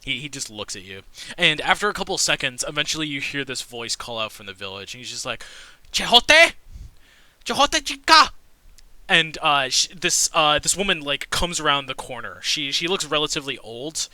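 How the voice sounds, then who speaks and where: A man narrating a tabletop game as game master, halting, with many fillers and restarts. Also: mid-range voice, lively intonation, pushed and bright, dry recording.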